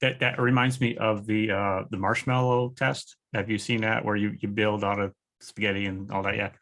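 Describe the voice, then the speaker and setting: A man hosting a conversation, speaking in a relaxed way with brief interjections. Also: on the low side, normal speed. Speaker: host. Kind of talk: casual conversation.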